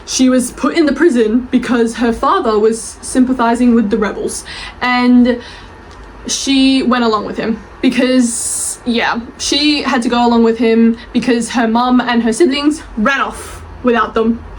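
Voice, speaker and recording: A young woman gushes about her favorite books in a rambling, casual vlog. Her voice sits slightly high, and she swears and laughs freely. A faint ambient hum sits under her voice. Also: steady tone, measured pace, poor audio. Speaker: book reviewer and author. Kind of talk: casual bookish vlog chat.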